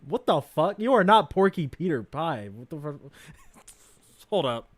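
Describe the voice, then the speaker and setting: A man hosts a livestream and reacts to a video with crude, mocking remarks. He swings from loud outbursts to low mutters, and his pitch jumps a lot. His voice sits a bit high and sounds dry and close. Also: very animated, unhurried, no room sound. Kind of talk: casual livestream commentary.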